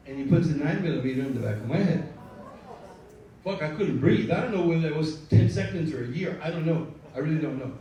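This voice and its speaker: Rambling, cursing storyteller joking with the crowd; slightly high voice in an echoey room. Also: male voice, fast, dark tone. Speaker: storyteller and show producer. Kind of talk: live storytelling performance. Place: live event room with an audience. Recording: echoey room, mic at a distance.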